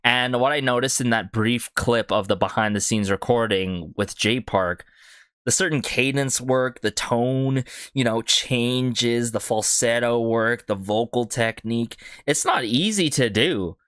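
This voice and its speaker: Excited man reviewing music videos. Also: mid-range voice, measured pace, no room sound, clean studio sound. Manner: enthusiastic, keeps asking "right?" and "you know what I'm saying?". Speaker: K-pop reaction video host. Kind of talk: casual music reaction commentary. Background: faint music from the video being reviewed.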